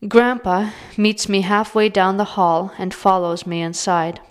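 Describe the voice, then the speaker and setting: A woman reading her own short story aloud in a measured, even way. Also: mid-range voice, smooth.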